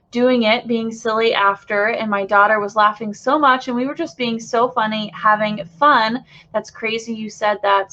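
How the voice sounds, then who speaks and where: A woman's voice: a little high, a bit bright, lo-fi sound. A woman leading a live channeling session, earnest and effusive, with many fillers and sighs. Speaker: spiritual channeler.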